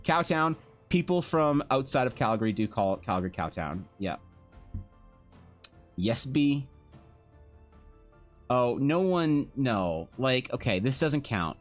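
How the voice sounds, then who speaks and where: A man's voice: medium pitch, big pitch swings, slow, pauses often, soft background music. A Canadian man chatting casually on a live stream, rambling and sardonic, with the odd swear. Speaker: streamer and artist.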